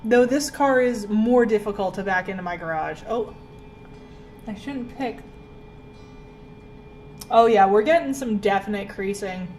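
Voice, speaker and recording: A woman's voice: mid-range voice, a little slow, pauses often, slight background noise, rough recording. A young woman from Canada chatting casually while doing her makeup at home, self-deprecating and full of "like". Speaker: beauty vlogger. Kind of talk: casual get-ready-with-me chat. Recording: faint background music. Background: soft background music.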